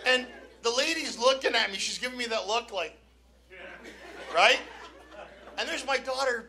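A man's voice: very high voice, moderate pace, long pauses. A male stand-up comedian ranting in an exasperated, profane way on a club stage, with the audience laughing behind him. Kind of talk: stand-up routine. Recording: live club crowd and room noise.

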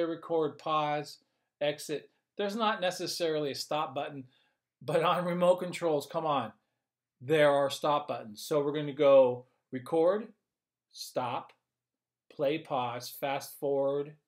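A man's voice: a little high, fairly even intonation, slow. A man as a communication coach, explaining in an upbeat, conversational way and thinking aloud as he goes. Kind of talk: casual instructional video.

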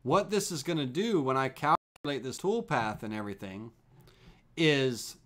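A man teaching CNC toolpaths on a live stream, explaining in a relaxed, repetitive way with fillers as he works the software. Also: medium pitch, moderate pace. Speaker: CNC woodworking instructor.

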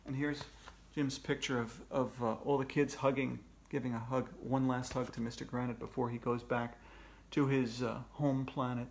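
A man's voice: normal speed, gravelly, a little hiss or hum. Man reading a children's book aloud, echoey room. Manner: animated, raises pitch for character voices. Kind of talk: read-aloud storytelling.

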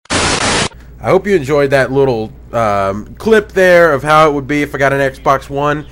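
A man's voice: medium pitch, expressive, unhurried, a bit bright. A man hosting a gaming video, ranting indignantly with plenty of profanity. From United States. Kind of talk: gaming commentary rant.

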